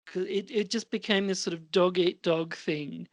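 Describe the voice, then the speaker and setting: A podcast co-host with a high voice chats casually about films at a moderate pace, rambling and hesitant with many fillers. The recording has no echo.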